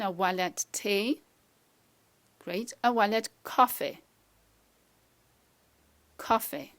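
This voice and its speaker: A woman language teacher giving a pronunciation lesson to camera, saying phrases slowly for the learner to repeat and praising each try. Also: mid-range voice.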